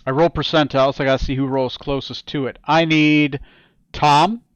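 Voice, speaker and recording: A man's voice: on the high side, fairly even intonation, moderate pace, smooth, no echo, highs cut off. A man running a tabletop game as game master over an online call, talking hesitantly with many fillers.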